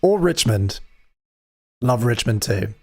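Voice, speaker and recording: A man's voice: medium pitch, lively intonation, slow, mellow. A man hosting a live music stream, chatting casually with wry, self-deprecating jokes.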